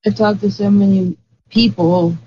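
A woman's voice: medium pitch, steady tone, moderate pace. A woman chatting casually on a group call, rambling and searching for words as she talks. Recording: dull lo-fi call audio with faint noise.

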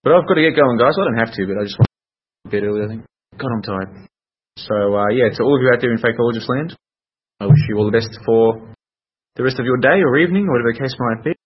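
Male podcast host, casual sardonic rambler, husky, lo-fi home sound. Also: mid-range voice, fast. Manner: rambling, sardonic, talks to himself. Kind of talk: casual commentary while watching cricket.

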